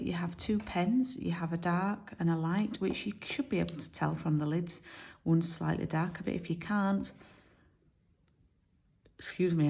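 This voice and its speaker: British lady demoing card making, low gravelly mellow voice, chatty and explaining each step. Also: low-quality recording. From United Kingdom. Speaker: craft demonstrator.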